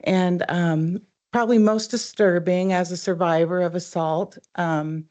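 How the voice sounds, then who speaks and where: A woman's voice: lowish voice, steady tone, a little mellow. Hesitant woman at a council lectern. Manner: hesitant, halting, many fillers. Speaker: public commenter. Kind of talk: public comment at a council meeting. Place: council chamber.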